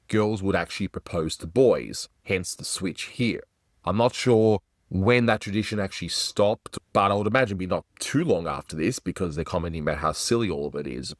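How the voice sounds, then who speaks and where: Australian male host, deep and conversational, dry booth sound. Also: no room sound. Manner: chatty, conversational, self-deprecating. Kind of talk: casual review commentary.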